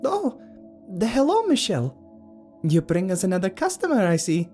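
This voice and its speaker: A man's voice: high voice, huge pitch swings, normal speed, darkish tone, faint music behind, voice pushed up. A male narrator voicing a gorgeous young barmaid with a Romanian accent, gracious and polite. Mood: welcoming.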